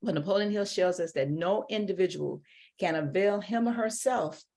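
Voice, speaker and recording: A woman's voice: mid-range voice, moderate pace, darkish tone. A woman hosting a book discussion podcast, speaking emphatically and repeating her key phrases. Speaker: podcast host.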